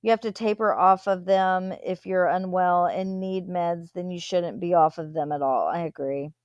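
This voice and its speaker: A woman's voice: lowish voice, fairly even intonation, moderate pace, darkish tone, smooth, dry recording, muffled recording. Chatty woman hosting a live stream. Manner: reads viewer comments aloud and answers them chattily. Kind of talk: casual live-stream commentary.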